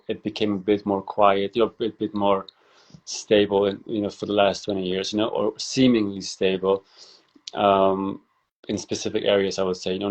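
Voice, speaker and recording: A man's voice: on the low side, a little mellow, dull audio. A man from Afghanistan, a podcast guest, answering reflectively with many ums and restarts. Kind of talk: casual conversation.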